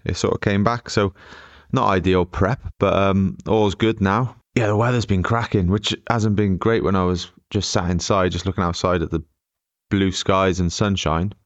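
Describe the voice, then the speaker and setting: A low-pitched man chats loosely through a funny anecdote, laughing as he goes. His voice is smooth and clear, recorded dry and close to the mic. He rambles with restarts and easy humor. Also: steady tone, normal speed, no echo, dull audio. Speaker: podcast co-host. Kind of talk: casual storytelling chat.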